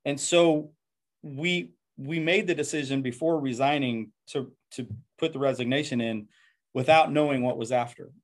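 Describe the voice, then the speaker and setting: A man's voice: mid-range voice, steady tone, normal speed. A man who is a pastor, telling his life story in an earnest, reflective interview and often repeating words as he goes.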